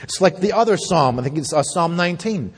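A man preaching a sermon as pastor, reading scripture and praying, then teaching with animated, playful asides. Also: fairly high pitch, brisk, breathy edge. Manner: animated, playful asides, voices quoted speakers. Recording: long hall reverb.

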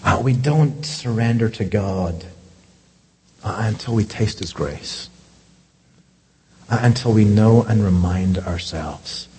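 A man pastor preaching a sermon, animated, climbing to loud high peaks and dropping to hushed asides. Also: takes it slowly, long pauses, a little hiss or hum. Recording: long hall reverb.

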